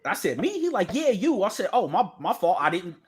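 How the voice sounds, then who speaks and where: A young man co-hosting a podcast, telling stories in a loud, profane, laughing casual chat. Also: sits high, brisk, breathy edge. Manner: animated storytelling, profane, laughing. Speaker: podcast co-host.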